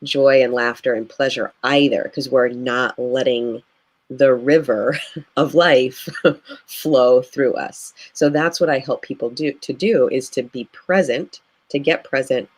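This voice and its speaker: A woman's voice: rumbling low, a little slow. A woman who works as a grief guide, speaking earnestly and reflectively in a live video interview, with frequent "you know" fillers.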